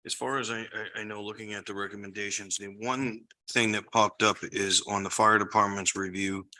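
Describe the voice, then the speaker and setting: A man explaining matters at a town board meeting in a measured way. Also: lowish voice, flat delivery, bright, forceful tone.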